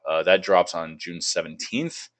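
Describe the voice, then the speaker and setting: A man's voice: low-pitched, a little slow. A young man hosting a casual gaming podcast, loose and profane, laughing a lot and reading game blurbs aloud. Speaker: podcast host.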